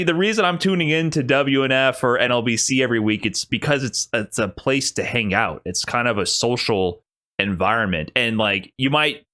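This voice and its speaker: Animated host with a bright, forceful voice. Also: male voice, mid-range voice. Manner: animated, laughs often, swears casually. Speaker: podcast host. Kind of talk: casual interview chat.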